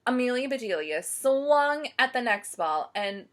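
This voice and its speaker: A woman storyteller reading a picture book aloud to children, pausing to ask them questions. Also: on the high side. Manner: slow, animated, asks listeners questions.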